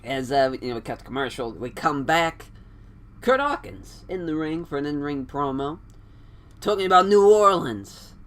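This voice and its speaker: A man's voice: medium pitch, animated, normal speed, a bit bright. A man casually narrating an imagined wrestling show, rambling and laughing often. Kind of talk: casual storytelling.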